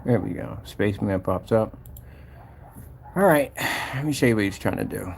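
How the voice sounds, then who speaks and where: A man with a gravelly, creaky voice talks through a screen share in a casual, mocking tone. His pitch jumps around a lot as he gets exasperated, and a faint hiss of background noise sits under him. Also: expressive, normal speed, darkish tone. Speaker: company owner showing his product site.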